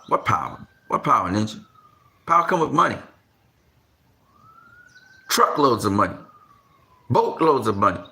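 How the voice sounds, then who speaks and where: A man's voice: big pitch swings, normal speed, vocal fry, pauses often. A man giving casual boxing commentary, repeating himself and piling on slang as he rants in disbelief. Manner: repetitive, exasperated rants with slang; gets louder and higher when worked up. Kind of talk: animated boxing talk.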